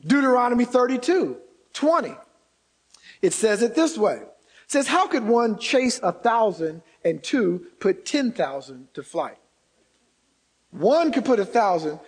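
A male pastor delivers a sermon in a fairly high voice. He is animated, slips into voices for the quotes he reads, and climbs to shouts when he drives a point home. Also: a little slow. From Indiana.

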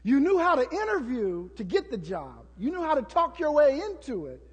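A man preaching a sermon as pastor, building to shouts and acting out prayers to the congregation. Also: very high voice, wildly swooping pitch, normal speed, big-room sound.

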